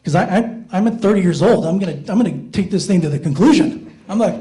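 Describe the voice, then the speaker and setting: A man with a high, light voice telling self-deprecating stories in a stand-up comedy set on a small theater stage. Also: expressive, fast talker, mellow, poor audio. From Iowa, USA. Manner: self-deprecating storytelling, jumps up in pitch for inner thoughts.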